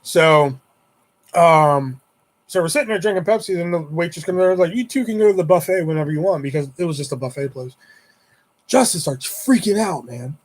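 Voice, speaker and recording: In a casual vlog story that rambles on and on, a Houston-area man swears nonstop while imitating how his friends talk. He speaks fairly quickly and expressively, at a fairly high pitch.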